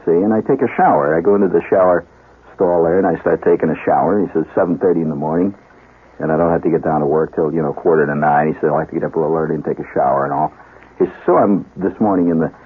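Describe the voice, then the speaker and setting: A man's voice: low voice, slightly rough. Rambling male radio storyteller, lo-fi. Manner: animated, digressive, with comic asides. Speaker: radio host. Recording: narrow, lo-fi 1970s radio broadcast.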